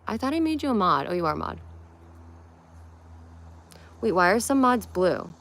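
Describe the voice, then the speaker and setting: Her voice is mid-range, sing-song, and a bit bright, at a moderate pace. This young Connecticut livestream host, tired as she is, keeps the chat playful and handles comments one by one.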